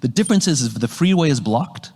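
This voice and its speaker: A man's voice: medium pitch, expressive, a little fast, a little mellow, breathy edge. A man giving a talk on leadership, explaining his points through everyday analogies. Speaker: leadership speaker. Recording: long hall reverb.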